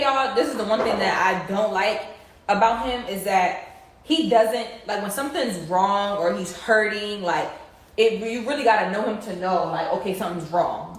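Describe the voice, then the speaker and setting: A young woman casually telling her viewers an emotional story, rambling with many fillers. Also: mid-range voice. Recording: distant, very echoey room, faint noise.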